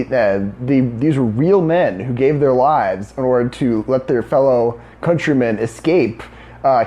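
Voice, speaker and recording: Guy doing a history explainer vid, stops and restarts a lot, lots of uhs, mid-pitched voice. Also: darkish tone. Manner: halting, frequent restarts and filler words. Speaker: history video host.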